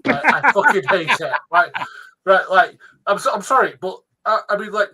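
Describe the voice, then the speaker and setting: A man's voice: high-pitched, lively intonation, moderate pace, very noisy. A man co-hosting a podcast, ranting in a sweary way and checking in with "right?" as he talks. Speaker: podcast co-host. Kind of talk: casual podcast banter.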